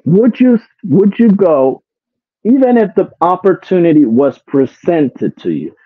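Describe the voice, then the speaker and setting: Fed up, this high-voiced streamer curses and repeats himself while chatting casually with his live audience, tossing out one rhetorical question after another. His recording sounds thin and phone-like, completely dry with no room sound.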